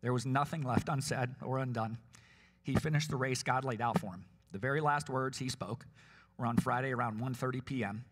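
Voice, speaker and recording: Man, mid-pitched, son giving a eulogy, measured, heartfelt, plain-spoken reading. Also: a bit bright, big-room sound. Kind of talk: reading a memorial tribute. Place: church.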